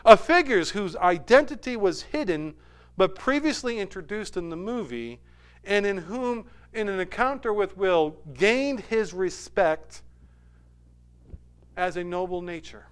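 A man retelling a movie story in an animated sermon style, swinging between loud bursts and hushed asides. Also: sits high, a little slow, clear, resonant tone. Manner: animated retelling with sudden soft drops.

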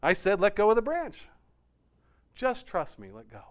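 A man voicing God in a joke, speaking calmly and steadily. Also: sits high, normal speed, voice pushed up. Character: calm God speaking from above.

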